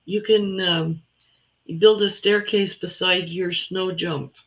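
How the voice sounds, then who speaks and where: A woman from Canada, co-selling on a live sale stream and calmly explaining her jewelry pieces. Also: fairly low pitch, slow, rough recording. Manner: easygoing, explains pieces plainly. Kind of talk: live online sale chat.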